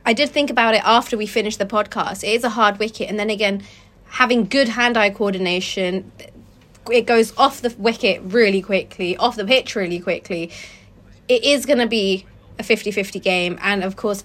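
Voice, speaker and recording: A woman's voice: medium pitch, fairly bright tone. A woman co-hosting a cricket podcast, giving her views on play in a chatty, loosely phrased way. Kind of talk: casual sports discussion.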